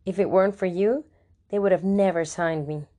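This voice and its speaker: A woman's voice: fairly low pitch, normal speed, mellow, natural voice. A woman voicing an earnest teenage boy who speaks sincerely in an audiobook reading. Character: earnest teenage boy, newly polished model.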